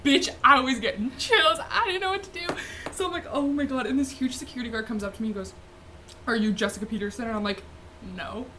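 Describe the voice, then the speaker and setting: A woman's voice: high-pitched, lively intonation, quick pace, background noise. Young woman telling a story with laughs. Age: young adult. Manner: laughing, swearing, lots of "like" fillers. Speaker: vlogger. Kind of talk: casual storytelling.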